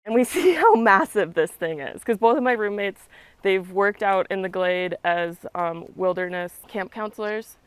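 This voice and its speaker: A woman's voice: medium pitch, lively intonation, moderate pace, clean tone, no echo. A young woman telling a story in a chatty way, with plenty of "like" and "um". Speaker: interviewee, resident. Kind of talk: casual recounting.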